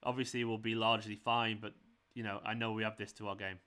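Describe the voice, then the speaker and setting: A man hosting a live football watchalong, reacting with exasperation, swearing and shouting at the players. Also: fairly low pitch, level tone, quick pace, clear, resonant tone. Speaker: fan channel host.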